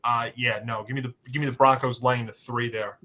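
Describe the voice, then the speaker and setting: A man's voice: medium pitch, flat delivery, a little fast, sharp tone. A man guesting on a sports podcast, talking through his reasoning in long run-on stretches with fillers. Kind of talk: casual sports analysis.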